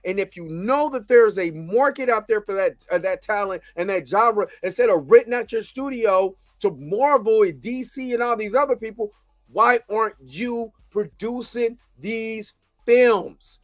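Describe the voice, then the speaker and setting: Animated high-voiced man ranting. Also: unhurried, no room sound. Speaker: show host. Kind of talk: casual commentary.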